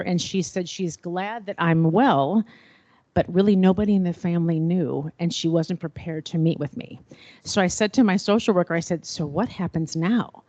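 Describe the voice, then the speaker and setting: A middle-aged woman telling a personal story at a panel, expressive and acting out remembered dialogue. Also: fairly low pitch, dry recording, muffled recording. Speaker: panel speaker.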